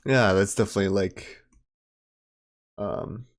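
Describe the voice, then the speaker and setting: A young man hosting a casual podcast, relaxed and agreeable, with lots of filler words. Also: fairly low pitch, unhurried. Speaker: podcast host.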